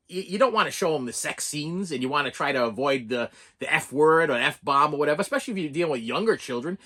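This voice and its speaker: A man's voice: a little high, sharp tone. A man chatting casually as a video host and collector, rambling and repeating his words. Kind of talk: casual chat.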